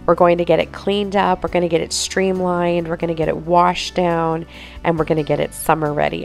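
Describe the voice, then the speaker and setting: Gravelly, stuffy-nosed woman vlogging. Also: lowish voice, level tone, a little fast, soft background music. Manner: upbeat, chatty, with fillers. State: stuffy, nasal from pollen. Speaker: home vlogger. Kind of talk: chatty voice-over narration.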